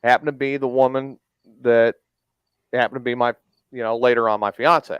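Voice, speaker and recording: Man, mid-pitched, smooth and resonant, dry close sound, blunt profane storyteller who voices the dialogue. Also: fairly even intonation, quick pace, no room sound, lo-fi sound. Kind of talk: casual storytelling.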